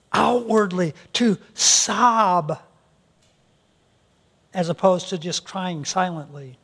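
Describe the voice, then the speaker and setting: Earnest high-voiced male pastor preaching. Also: slow, fairly bright tone, breathy edge. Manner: earnest, repeats words as he restarts. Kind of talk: sermon.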